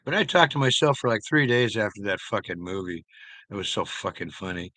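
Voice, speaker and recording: A man's voice: fairly low pitch, lively intonation, fairly quick, pushed and bright, no room sound. A man chatting casually with his viewers, telling loose, profane stories and chuckling along as he rambles.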